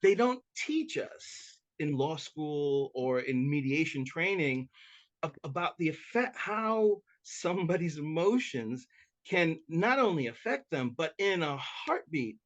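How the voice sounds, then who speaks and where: A talkative man, a mediator, speaks in a fairly high voice and tells stories in a loose, conversational way. He often trips into restarts and repeats words before the thought lands. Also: takes it slowly, dull audio. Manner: self-described talker, animated and chatty. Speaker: mediator, podcast guest. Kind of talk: conversational interview storytelling.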